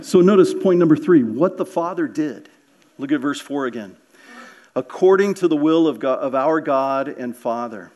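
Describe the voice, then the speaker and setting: A man's voice: a little high, darkish tone. A man preaching a sermon in a church, earnest and direct, often repeating words and asking the congregation questions. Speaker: pastor.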